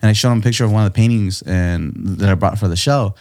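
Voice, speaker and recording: Slangy man telling a story, low voice. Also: quick pace. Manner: animated, jumps high in pitch when quoting people; slangy, laid-back, says dude and bro a lot. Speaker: guest artist. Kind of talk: casual storytelling chat.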